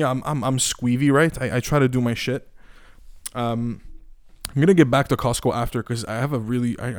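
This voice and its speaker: Smooth and medium-pitched, this young man from Eastern Europe goes on a casual rant in a clean studio recording without room sound. He swears a lot and is animated, full of restarts and fillers.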